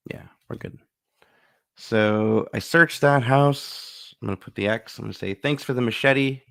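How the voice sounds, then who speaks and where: Host: man, low gravelly voice, chatty think-aloud board game playthrough. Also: unhurried, fairly bright tone. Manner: chatty, thinks aloud, acts out little bits.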